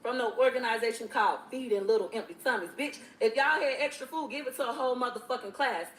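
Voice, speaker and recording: A woman's voice: on the high side, quick pace, a little hiss or hum. A mother ranting angrily and profanely on a livestream. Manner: profane, furious, confrontational. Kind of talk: angry livestream rant. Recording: echoey room.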